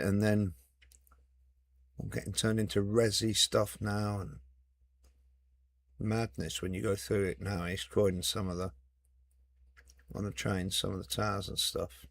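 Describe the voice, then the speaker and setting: Man, deep-ish, gravelly, casual gaming chat, teasing. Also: flat delivery, a little slow, pauses often. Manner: joking banter with mild swearing. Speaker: gamer. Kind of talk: casual chat while playing a game.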